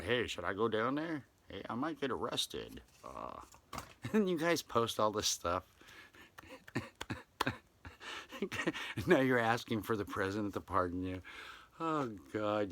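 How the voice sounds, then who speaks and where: A man's voice: fairly low pitch, sharp tone. A man hosting his own talk show, rambling and exclaiming often as he talks. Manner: rambling, exclaims often, slips into silly voices. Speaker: show host. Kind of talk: casual solo talk show monologue.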